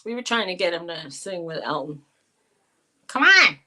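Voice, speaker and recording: A middle-aged woman co-hosting a casual live chat, animated and coaxing her pet in a high baby-talk voice. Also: moderate pace. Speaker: co-host of a live chat show.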